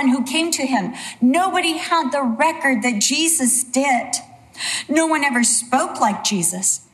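A woman preacher giving a sermon, earnest and emphatic, with a lot of repetition. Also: sits high.

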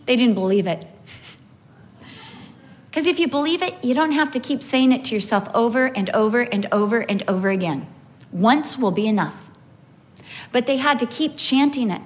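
A woman preaching a storytelling sermon, animated with wide pitch swings and slow, emphatic phrasing.

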